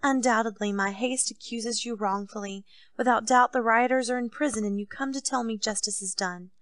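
A woman's voice: fairly high pitch, normal speed, fairly bright tone, no echo, lightly acted. A woman reading an audiobook, voicing a grown king who complains and grows indignant, his voice raised above her narration. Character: petulant, self-pitying king, grown man.

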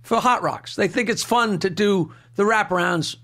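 An older man from Long Island tells a wild story in a boisterous, rolling way and keeps breaking into laughter at his own jokes. His voice sits high for a man and has a gravelly edge. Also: normal speed, a bit bright. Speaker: comedian guest telling a story. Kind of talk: casual storytelling.

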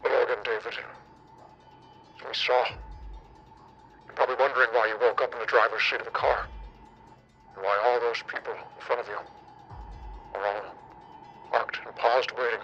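A man voicing a sinister male Jigsaw-style captor who lays out deadly rules in a slow, hushed, menacing monologue. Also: mid-range voice, steady tone, highs cut off, faint music behind, voice pushed down. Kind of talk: mock horror-movie monologue.

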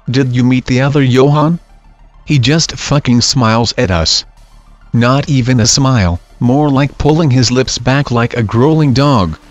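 A man reading scary stories aloud in a steady, even narration. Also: medium pitch. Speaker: story narrator. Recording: dull lo-fi audio with faint music.

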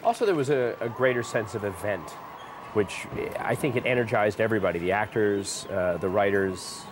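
A man with a fairly low voice speaks in a calm, reflective way about making the show. A steady hiss runs under him. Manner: reflective, measured. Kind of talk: behind-the-scenes interview. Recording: noisy interview recording.

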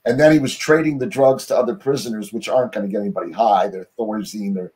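A man's voice: fairly low pitch, quick pace, darkish tone. A middle-aged American man talks as an interview guest, rambling loosely through his story. He fills his speech with "you know" and breaks off to restart his sentences. He is heard over a remote call. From United States.

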